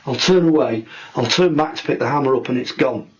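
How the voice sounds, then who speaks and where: A man's voice: mid-range voice, a little fast, husky, natural voice. A man quoting an upset plasterer who complains about being pranked. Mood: fed up. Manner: complaining, fed up. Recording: dull lo-fi recording.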